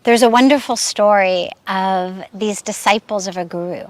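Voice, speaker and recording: A woman spiritual teacher giving a reflective sermon and telling a teaching story in a measured way. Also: medium pitch, steady tone, fairly bright tone, dry recording.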